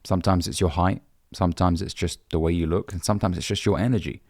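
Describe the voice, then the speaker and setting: A man's voice: low-pitched, steady tone, fast talker, a little mellow, no echo. A young man from the UK, a dating coach, giving blunt, brotherly advice and swearing casually. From United Kingdom. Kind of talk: direct-to-camera advice talk.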